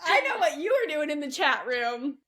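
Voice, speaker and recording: A woman's voice: high-pitched, very animated, normal speed, pushed and bright. A woman co-hosting a casual podcast, teasing the others with giggly remarks. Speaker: co-host.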